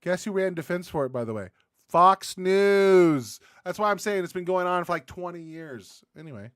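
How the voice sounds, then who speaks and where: A man's voice: sits high, animated, moderate pace, a bit bright, dry recording, clean studio sound. A man from Arizona giving a casual, profane reaction rant as a YouTube commentator, rambling and laughing a lot. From Arizona, USA.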